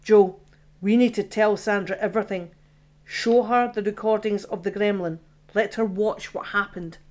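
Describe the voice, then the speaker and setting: A woman's voice: mid-range voice, steady tone, normal speed, a little mellow, close to an everyday voice. A woman voicing a male ghost who is a loyal friend, urgent and strained, in an audiobook.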